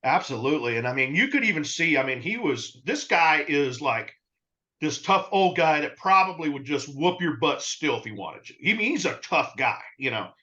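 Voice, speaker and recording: Bright-voiced man telling a story. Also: fairly high pitch, moderate pace. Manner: animated storyteller, acts out dialogue. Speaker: rug cleaning business co-host. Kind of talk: casual storytelling. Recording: dull lo-fi sound.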